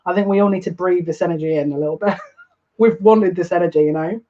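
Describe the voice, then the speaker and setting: Giving a collective tarot reading, this UK reader sounds overcome with emotion, frequently out of breath and restarting sentences. The voice is medium-pitched, quick, and mellow, captured in slightly muffled lo-fi sound.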